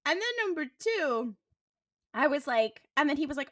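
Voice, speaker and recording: A woman co-hosting a podcast tells stories with acted-out quotes. Her voice is high and swings widely in pitch, and it sounds bright. She sits some distance from the mic in a dry room. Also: moderate pace, no echo. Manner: animated storytelling with acted-out quotes. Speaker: podcast co-host. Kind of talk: casual chat.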